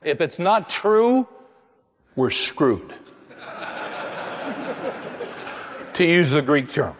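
A man preaching a sermon to his congregation, emphatic, with his voice climbing high on the points he stresses. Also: very animated, extremely slow, big-room sound. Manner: emphatic, rising to high exclamations. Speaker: pastor.

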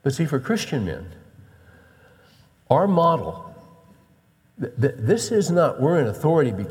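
A middle-aged man preaching a storytelling sermon as a pastor, swinging between loud bursts and hushed emphasis. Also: a little high, big pitch swings, unhurried. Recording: long reverb of a large hall.

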